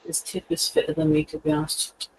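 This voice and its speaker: A man's voice: fairly high pitch, monotone, brisk, poor audio. A man co-hosting a casual livestream, reading viewer comments aloud with frequent chuckles. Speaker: co-host reading viewer chat.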